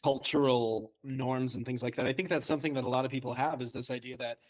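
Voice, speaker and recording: A man's voice: medium pitch, fairly even intonation, quick pace, poor audio. A man co-hosting a podcast, reflecting in casual chat on his own workout habits. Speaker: podcast co-host.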